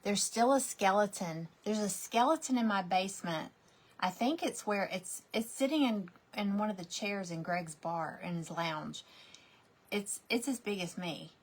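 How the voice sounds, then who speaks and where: A woman's voice: medium pitch, unhurried. A woman, chatting casually while she crafts, rambling through stories with lots of fillers and restarts. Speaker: crafting vlogger.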